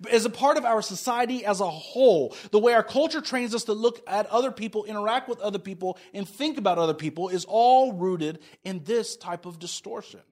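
A man preaching a sermon in a conversational way, repeating key phrases for emphasis and dropping into quiet asides. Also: sits high, brisk, few pauses. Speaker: pastor.

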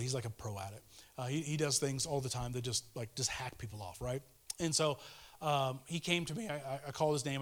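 A preacher in his thirties with a mid-range voice gives a casual yet earnest devotional sermon. He pleads with his listeners, shifting between fervent urgency and hushed tenderness.

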